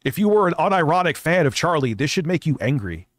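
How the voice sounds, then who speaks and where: A man's voice: a little high, very animated, quick pace, no room sound, studio quality. A man doing casual reaction commentary in a questioning, disapproving tone.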